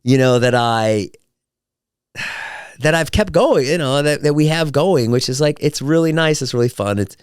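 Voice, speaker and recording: A man's voice: on the high side, moderate pace, clear, resonant tone, dry recording, clean studio sound. A man hosting his own podcast, chatting casually and acting out quotes as he tells stories. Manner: animated storyteller, acts out quotes. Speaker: podcast host. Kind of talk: casual solo podcast chat.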